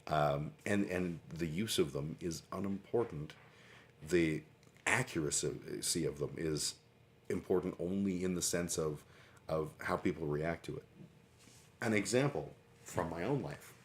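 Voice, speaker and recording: A man's voice: low voice, measured pace, a little hiss or hum. A middle-aged man hosting a livestream, telling a rambling story with lots of fillers and casual swearing. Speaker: livestream host. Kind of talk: casual monologue.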